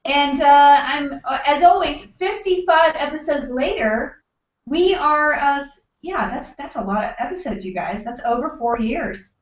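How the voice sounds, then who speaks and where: A woman's voice: high-pitched, lively intonation, unhurried. A woman hosting a book club on a video call, chatty and teasing, talking from her home desk. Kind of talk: casual video-call chat. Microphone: computer mic, wrong one at first. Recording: echoey lo-fi webcam call audio.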